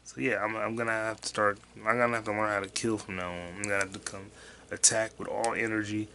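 A man hosting a solo podcast, rambling loosely and profanely, with sudden loud excited bursts. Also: on the low side, fast, slight background noise. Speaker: podcast host and stand-up comic.

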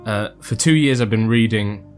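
A man's voice: fairly low pitch, normal speed, faint music behind. A man hosting a casual podcast, joking and rambling as he introduces his guest. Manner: playful, rambling, jokey. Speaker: podcast host.

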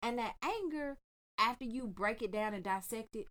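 Woman host, frank and animated, slightly high voice. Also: moderate pace. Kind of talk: casual chat.

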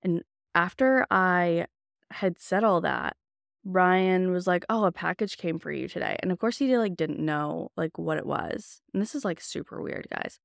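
A woman's voice: on the low side, unhurried, gravelly, no room sound, studio quality. A young woman hosting a podcast, telling a personal story in a candid, chatty way full of casual fillers. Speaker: podcast host.

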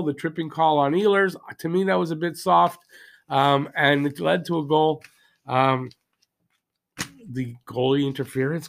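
A man with a high, gravelly voice rants through a solo hockey podcast. He argues heatedly and keeps throwing rhetorical questions at his listeners. His voice has a rough fry at the bottom. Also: fairly bright tone. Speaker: podcast host. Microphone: podcast mic, also filmed for video.

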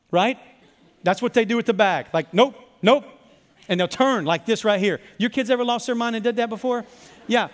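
A man preaching a sermon as pastor, telling animated stories and calling on the congregation to repeat after him. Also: high voice, moderate pace. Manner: animated storytelling, calls for congregation responses. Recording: long hall reverb.

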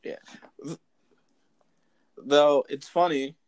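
A man in casual chat, telling a story in a lively way and acting out the voices of the people in it. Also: fairly high pitch, extremely slow, smooth. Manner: lively, acts out quoted voices. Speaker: storyteller recounting a school memory.

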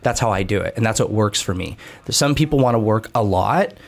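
A man's voice: fairly low pitch, animated, brisk, creaky. A man in his thirties, a coach talking as a guest in a podcast interview, earnest and reflective, often restarting his sentences.

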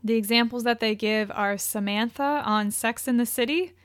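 A woman's voice: fairly high pitch, normal speed, no echo, clean studio sound. A woman co-hosting a casual podcast chat, reading out descriptions with wry asides and frequent laughs. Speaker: podcast co-host.

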